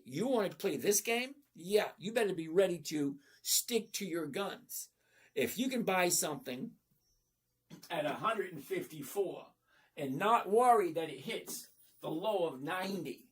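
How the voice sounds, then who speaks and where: With a high, breathy-edged voice, a middle-aged livestream host takes viewer chat about trading. He's blunt, folksy and casual, and keeps asking "okay?"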